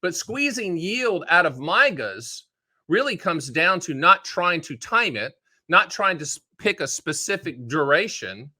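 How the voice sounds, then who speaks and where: A man hosting his own show about annuities, explaining in a casual, folksy way with joking asides and quick put-on voices. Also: high-pitched, sing-song, sharp tone. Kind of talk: casual direct-to-camera explainer.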